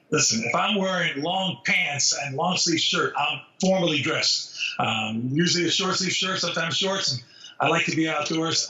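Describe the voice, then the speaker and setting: A man in his sixties from New York City, telling stories from his life as an interview guest in an earnest, animated way. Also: on the high side. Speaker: zoo spokesman, guest. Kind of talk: storytelling interview. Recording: roomy, distant, dull sound.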